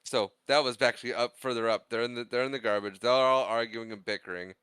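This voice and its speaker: A man's voice: mid-range voice, fast talker, clear, resonant tone, no echo. A man co-hosting a podcast, recapping a film in casual chat and acting out lines in funny voices. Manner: animated, acts out quotes in funny voices. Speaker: podcast co-host.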